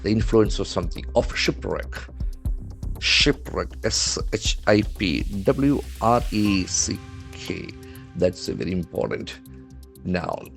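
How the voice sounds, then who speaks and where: Deliberate low-voiced teacher. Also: male voice, lively intonation, gravelly, soft background music. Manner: slow, deliberate, spells words letter by letter. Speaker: English language trainer. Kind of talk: newspaper vocabulary lesson.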